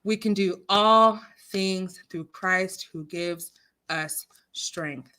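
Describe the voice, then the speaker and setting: A woman hosting a casual livestream chat, animated and outspoken, quoting scripture and swinging between loud outrage and hushed apologies. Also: on the low side, drawn-out words. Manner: religious, quotes scripture. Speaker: livestream host.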